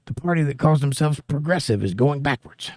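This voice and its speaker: Fairly high-pitched and a little fast, this livestream host has lively intonation and a darkish tone. He speaks with a Southern accent on a casual political stream, reading out viewer comments with wry jokes, in clean studio sound with no echo.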